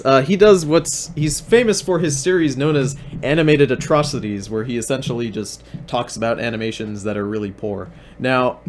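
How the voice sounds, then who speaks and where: With slight background noise behind his medium-pitched voice, a stream host and commentator sneers at the videos he plays. His commentary is deadpan and sarcastic, and he tends to repeat himself.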